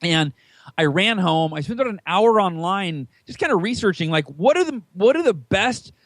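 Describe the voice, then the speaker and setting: An American man in his thirties, a podcast guest telling his story casually and acting out the dialogue in a higher voice. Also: normal speed, no echo. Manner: animated, acts out quoted dialogue in a higher voice.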